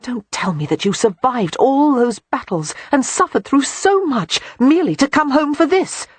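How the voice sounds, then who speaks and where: A man's voice: very high voice, expressive, normal speed, husky, no echo, voice pushed up, exaggerated voice. A man voicing an earnest young Regency lady. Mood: pleading. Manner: earnest, urgent, raised voice. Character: spirited young Regency woman, pleading.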